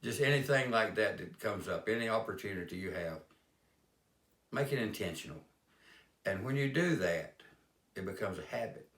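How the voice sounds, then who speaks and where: A man's voice: lowish voice, expressive, normal speed, pauses often, a bit bright. A man telling homespun stories about kindness in a plain-spoken, rambling way. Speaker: life-lessons speaker. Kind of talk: folksy storytelling monologue. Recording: roomy echo.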